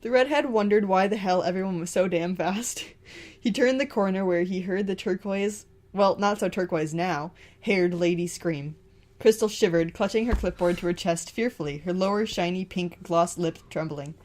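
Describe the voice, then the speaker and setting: A woman's voice: mid-range voice, moderate pace, darkish tone. A woman reading fan fiction aloud, stumbling over words and adding laughing asides.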